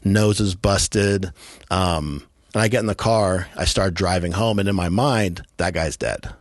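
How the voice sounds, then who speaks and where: A man from California with a very low voice tells a rough story flatly and bluntly as a podcast guest, swearing casually. The recording is dry and close, with no room sound around him. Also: a little slow, dry recording. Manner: blunt, profane, matter-of-fact storytelling with streetwise grammar. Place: podcast studio.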